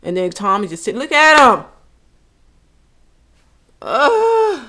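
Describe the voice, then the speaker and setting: A woman's voice: medium pitch, lively intonation, fast talker, bright, forceful tone. A woman hosting a reaction video, talking emotionally and exclaiming back at the song. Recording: music playing behind.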